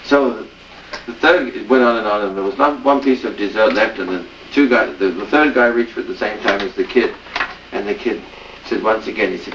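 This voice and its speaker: A man's voice: lowish voice, fast, few pauses, noisy background. Rambling man telling a joke, echoey and far. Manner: rambling storyteller, many "he said" and "uh"s. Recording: echoey lo-fi home video from far off.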